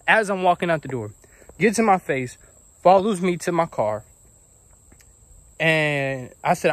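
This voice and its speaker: A young man telling a casual storytime about his own life, animated and acting out the people he quotes. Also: a little high, unhurried, pauses often, no room sound. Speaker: vlogger.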